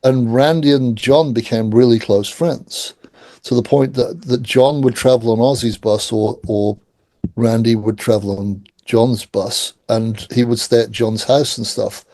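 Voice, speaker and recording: A middle-aged man tells rock anecdotes in a relaxed interview, mimicking the people in his stories. His voice is dark and mellow, recorded dry and close on a call. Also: mid-range voice, unhurried, dry recording. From England. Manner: animated anecdotes, acts out quoted voices. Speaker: guest. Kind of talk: casual storytelling interview.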